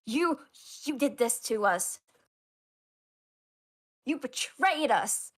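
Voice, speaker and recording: A woman's voice: on the high side, animated, drawn-out words. A woman acting as game master, narrating a tabletop role-play with dramatic, stammering storytelling.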